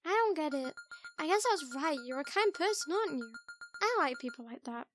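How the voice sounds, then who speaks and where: A woman voicing a soft-spoken young female murder suspect, gentle and eerie, reading a visual novel aloud in a quiet, hesitant way. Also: high-pitched, expressive, a little fast, faint music behind. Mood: shy.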